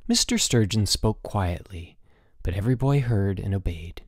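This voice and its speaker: A man narrating an audiobook in a measured storytelling manner. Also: fairly low pitch, no room sound, studio quality. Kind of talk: scripted narration.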